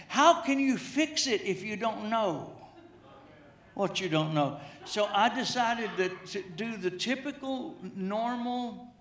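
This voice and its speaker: A middle-aged male preacher tells a humorous story from the pulpit, circling back over his own words. His voice sits fairly high for a man. The sound echoes through a church sanctuary. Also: animated, takes it slowly, a bit bright. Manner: storytelling with humor, repeats himself. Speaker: pastor. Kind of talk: sermon.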